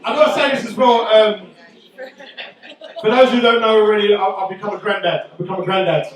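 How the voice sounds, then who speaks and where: A middle-aged man doing stand-up comedy, loud and swearing as he teases the crowd. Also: high-pitched, fairly even intonation, fairly quick, recorded from a distance. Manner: loud, swearing, teasing banter. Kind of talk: stand-up comedy with audience banter. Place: indoor comedy venue. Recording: echoey room, voice from afar, faint noise.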